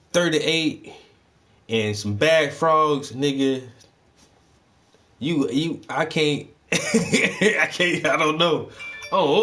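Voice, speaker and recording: A man telling profane, animated stories in casual chat as a livestream host, breaking into loud, high-pitched outbursts. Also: a little hiss or hum.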